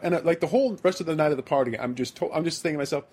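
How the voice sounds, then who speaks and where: A man's voice: fairly high pitch, fast talker, few pauses. A man from the American Midwest hosting a podcast, telling a rambling, self-deprecating story in casual chat. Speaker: podcast host.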